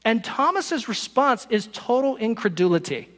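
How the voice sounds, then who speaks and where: A man pastor giving a sermon in a church, animated and humorous, acting out scenes as he goes. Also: very high voice, moderate pace, long reverb tail.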